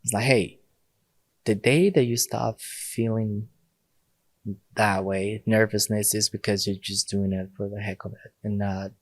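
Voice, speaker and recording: A man with a lowish voice speaks in a relaxed, conversational way, often breaking into laughter as he tells stories. He is a priest guest on a podcast, and the recording is dry, with no room sound. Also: unhurried, dry recording. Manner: laughs often while telling stories, acts out quoted lines. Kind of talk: casual conversational storytelling.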